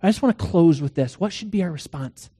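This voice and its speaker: A middle-aged man preaching a sermon, earnest, swinging between loud questions and hushed lines, telling stories with quoted dialogue. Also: a little high, lively intonation, fairly quick, slightly rough. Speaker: pastor.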